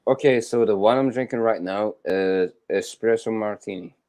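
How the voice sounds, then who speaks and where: A man's voice: on the low side, normal speed, darkish tone. A man with a Scottish accent chatting casually, swearing freely and loosely. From Scotland. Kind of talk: casual chat.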